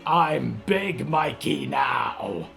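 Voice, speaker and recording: A man voicing a huge bloated monster with a deep, rasping, croaking voice that talks slowly. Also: lively intonation, fairly bright tone, shouting, faint music behind, full character voice. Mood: menacing. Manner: slow, deep, muttering.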